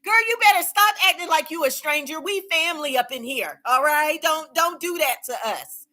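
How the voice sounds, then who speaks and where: Woman, livestream host, casual chat, encouraging, laughs often, slightly high pitch, bright voice. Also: lively intonation, normal speed.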